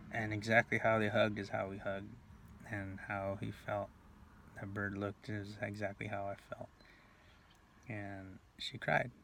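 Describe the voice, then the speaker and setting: Low, flat-voiced man rambling through a story. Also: creaky, a little hiss or hum. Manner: halting, full of fillers and restarts, drops to near whispers. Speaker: video blogger.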